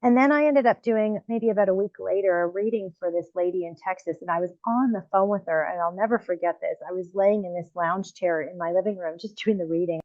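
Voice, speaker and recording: A woman hosts her own podcast and tells long personal stories in a casual, lively way. She acts out her own past exclamations as she goes. The sound is dull and lo-fi, dry and close. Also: on the low side, brisk, few pauses, no echo. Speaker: podcast host and medium. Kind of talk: casual storytelling interview.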